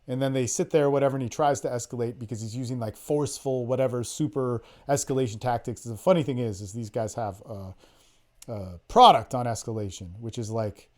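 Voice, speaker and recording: A man's voice: mid-range voice, fairly quick. A man hosting a podcast, telling a story in a casual monologue, swearing freely and acting out the voices of the people in it. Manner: profane, emphatic, acts out quoted voices. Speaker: podcast host, dating coach. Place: call recording.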